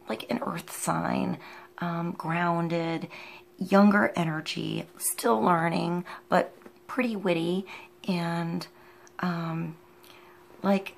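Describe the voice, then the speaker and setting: Slow, musing woman reading tarot. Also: on the low side, creaky, slight background noise. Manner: musing, halting, thinks aloud with many pauses. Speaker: tarot reader.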